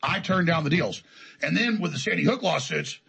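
A man's voice: fairly high pitch, lively intonation, fairly quick, vocal fry, bright, forceful tone, breathy edge, low-quality recording. A man telling his story as an interview guest, in an emphatic, defiant, rambling way. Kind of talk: heated conversational storytelling.

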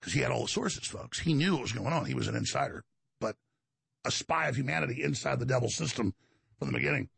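Gravelly, combative Texan talk show host. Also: male voice, mid-range voice, fast talker, fairly bright tone, dry recording. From Texas. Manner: combative, digressive, addresses listeners as folks. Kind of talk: rambling monologue to the audience.

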